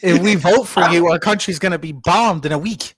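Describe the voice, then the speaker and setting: A man hosting a casual podcast, teasing his co-host with deadpan news. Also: high-pitched, fairly quick, crowd noise. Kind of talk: casual comedic chat.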